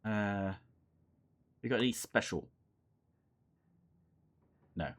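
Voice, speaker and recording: A man's voice: lowish voice, expressive, moderate pace, long pauses. A young man casually commentating and reading aloud a horror game, playful and rambling, often mocking himself. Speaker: let's play host.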